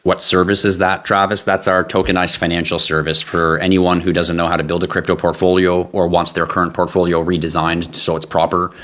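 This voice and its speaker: A man with a deep, low voice, sounding tired as he hosts a casual live stream. He reads out viewers' questions and answers them in a loose, chatty way. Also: flat delivery, brisk, few pauses, a bit bright. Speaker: livestream host answering crypto questions.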